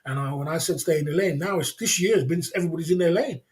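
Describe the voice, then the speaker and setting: Hosting a livestream, a man lectures his chat in a casual rant, hammering points repetitively and emphatically and chuckling between them. He keeps asking "you know what I mean," his fairly high, slightly mellow voice racing along.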